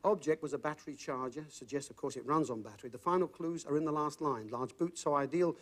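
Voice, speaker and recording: A man's voice: on the high side, quick pace. A man hosting a TV game show, bantering and teasing contestants in a bouncy way as he reads out clues. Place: TV studio.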